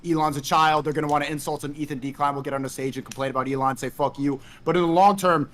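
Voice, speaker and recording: A man's voice: fairly high pitch, steady tone, racing. A man on a call, arguing his side in an insistent, defensive back-and-forth. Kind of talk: heated casual argument.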